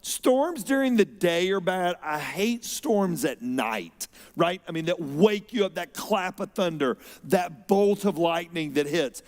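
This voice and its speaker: Pastor guy preaching, swings loud then soft, lots of hall reverb. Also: sits high, a little slow. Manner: expressive, swings between loud emphasis and quiet. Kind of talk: sermon. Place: church auditorium.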